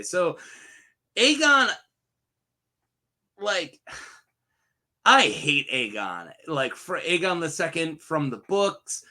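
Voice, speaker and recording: A man's voice: fairly high pitch, pushed and bright. A young man casually reviewing a TV episode on his own, rambling and jokey, laughing often at his own asides. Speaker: show reviewer. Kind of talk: casual solo review chat.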